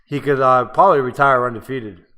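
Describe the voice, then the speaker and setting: A man's voice: medium pitch, a little fast, sharp tone. A male podcast co-host chats casually with a guest. His voice sits in an ordinary middle range. He talks in a teasing way, full of crude banter.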